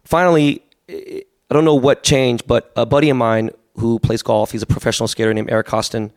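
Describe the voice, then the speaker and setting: A man's voice: mid-range voice, flat delivery, a little mellow, no room sound, clean studio sound. A man in his forties, a podcast guest, telling rambling stories full of fillers. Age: 40s. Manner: fast, rambling storytelling with many fillers. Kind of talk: casual podcast chat.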